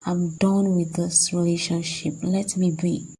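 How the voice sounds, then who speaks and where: A woman's voice: fairly low pitch, flat delivery, measured pace, dark tone, faint music behind, close to an everyday voice, poor audio. A woman voicing a heartbroken, betrayed young fiancée in a cartoon, talking in a distressed, accusing way. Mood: angry. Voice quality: husky, gravelly. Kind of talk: cartoon voice acting.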